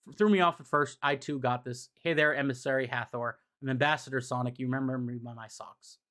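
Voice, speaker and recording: A man reading the lines of a cocky young male hedgehog hero in a breezy, quick way while recapping a comic. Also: mid-range voice, steady tone, a bit bright, lightly acted.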